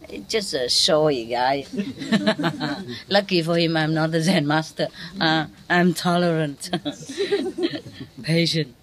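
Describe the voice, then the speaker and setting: A woman's voice: low voice, slow. A woman with a Vietnamese accent giving a spiritual teaching talk to an audience, playful, laughing often and quizzing her listeners.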